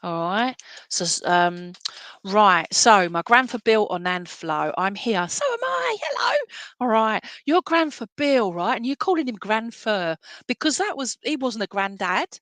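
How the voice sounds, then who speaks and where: A woman's voice: medium pitch, animated, unhurried, fairly bright tone, dry recording. A woman working as a spiritualist medium, giving a rambling, chatty clairvoyance reading over a video call and checking in with the sitter as she goes. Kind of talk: clairvoyance reading in an online service.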